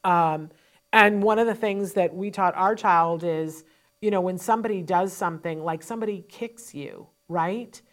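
A woman hosting a parent advice show, talking emphatically and quickly with frank asides into a studio microphone. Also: on the low side. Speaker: host and parent advocate.

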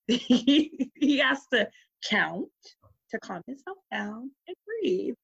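A woman's voice: on the high side, lively intonation, slow pace, vocal fry, a bit bright, breathy edge. Chatty woman co-host, dull lo-fi audio. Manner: chatty, laughing often, loose swearing. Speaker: podcast co-host. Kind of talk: casual chat.

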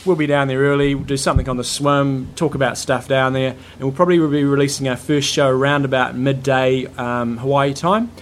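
Man, casual podcast co-host, rambling stories, mid-pitched voice, faint hiss. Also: fairly even intonation, fairly quick, few pauses. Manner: rambling storyteller, loose and chatty. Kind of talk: casual chat. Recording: faint background noise.

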